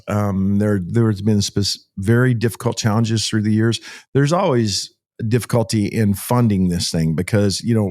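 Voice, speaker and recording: A middle-aged man from Texas, a pastor telling stories in a folksy, animated way during an interview. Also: fairly low pitch. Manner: folksy, animated storyteller with frequent restarts. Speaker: pastor and child rescuer. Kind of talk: interview storytelling.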